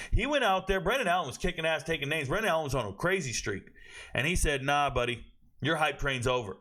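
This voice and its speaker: A brash young man breaks down an upcoming fight in loose, profane slang. His voice sits high and comes out bright and forceful. He talks straight to his viewers. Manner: brash, animated, trash-talking with slang and profanity. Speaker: fight prediction host. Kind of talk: casual sports commentary.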